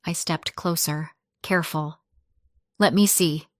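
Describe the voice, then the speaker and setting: A woman narrates a scripted first-person story at an unhurried, deliberate pace. Her voice sits a little low and stays soft and measured. The recording is dry and close, with no room sound. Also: fairly even intonation, no room sound.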